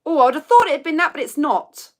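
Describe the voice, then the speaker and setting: A woman's voice: high voice, sing-song, fast. Giggly chatty woman hosting live. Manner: chatty, giggly, reads out viewer comments. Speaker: livestream host. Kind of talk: casual live chat quiz.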